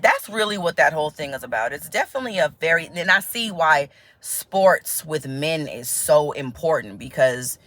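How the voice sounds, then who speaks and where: An American vlogger speaks to camera in a deep voice at a moderate pace with few pauses. She's chatty and laughs a lot, slipping into animated voices when quoting others.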